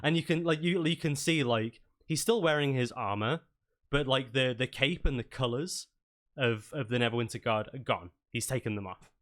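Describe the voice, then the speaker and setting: A man's voice: medium pitch, moderate pace, a bit bright. A man narrating as game master in a casual, hesitant way.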